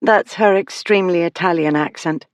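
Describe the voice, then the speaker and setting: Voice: mid-range voice, normal speed, no room sound, studio quality, lightly acted. A narrator voicing a witty, outspoken young lady who speaks frankly. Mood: amused.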